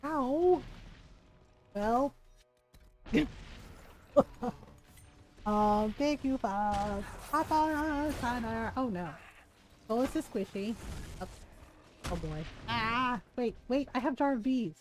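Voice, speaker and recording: A woman streaming a video game, chatting casually and telling stories in an animated way, with plenty of swearing. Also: fairly high pitch, takes it slowly, pauses often, poor audio. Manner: animated storytelling with frequent swearing and laughter. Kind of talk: casual gameplay chat.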